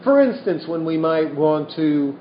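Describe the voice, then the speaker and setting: A man giving a dharma talk as a meditation teacher, telling a teaching story in an unhurried way with wry asides. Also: fairly high pitch, animated, slight background noise. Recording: echoey room, dull lo-fi sound.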